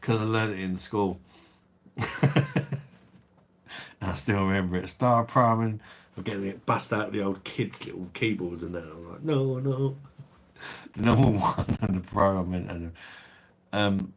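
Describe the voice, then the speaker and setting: A man's voice: sits low, steady tone, unhurried, creaky, long pauses. A man with a South East London accent hosting a casual livestream, answering viewer comments with laid-back blokey banter and the odd swear. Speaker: livestream host.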